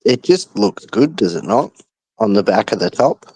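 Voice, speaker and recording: A man calling into a football phone-in from abroad, speaking in a measured way with dry humour. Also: lowish voice, very animated, darkish tone, slightly rough, no room sound, poor audio. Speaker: caller. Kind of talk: casual phone-in chat.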